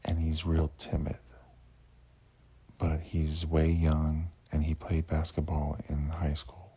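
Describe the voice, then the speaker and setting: A man with an extremely deep, very husky voice tells a rambling story about his day. He swears freely and keeps restarting his sentences. His delivery stays flat and his tone is dark. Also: slow pace. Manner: rambling, profane, many fillers and restarts. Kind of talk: casual storytelling.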